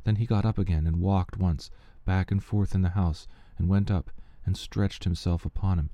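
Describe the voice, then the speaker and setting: A man reads scripture in a low, deeply dark voice. His delivery is measured and steady, recorded dry and close with no room sound. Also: no room sound. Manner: measured, steady reading pace. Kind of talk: scripture reading.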